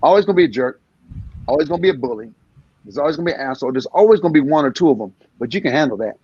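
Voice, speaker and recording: A comedian in his sixties talking in an animated interview, acting out little scenes in different voices. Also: fairly high pitch, rapid-fire, breathy edge, dull audio. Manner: energetic storyteller acting out voices. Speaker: comedian guest.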